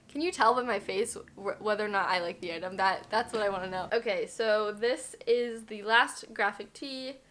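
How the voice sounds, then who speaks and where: A woman's voice: medium pitch, normal speed, fairly bright tone. A woman in her twenties talking casually through an unboxing review, chatty and self-deprecating, with lots of fillers. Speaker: thrift vlogger.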